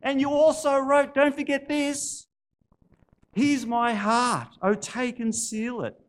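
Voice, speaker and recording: A man's voice: flat delivery, takes it slowly. A man voicing an earnest young churchgoing woman in a sermon story, eager and pleading. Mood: urging. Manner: eager and pleading, rising high.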